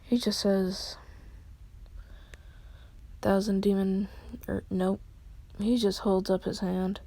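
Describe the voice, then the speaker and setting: A woman's voice: mid-range voice, level tone, takes it slowly, vocal fry, warm tone, no room sound. A woman retelling a fan story in a whispered role-play, with casual fillers and quoted lines.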